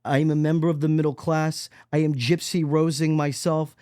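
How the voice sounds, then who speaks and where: A man's voice: level tone, normal speed, no room sound. Preachy man ranting on a dry mic. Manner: swings from loud mockery to low, quiet intensity. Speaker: podcast host. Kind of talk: solo podcast monologue.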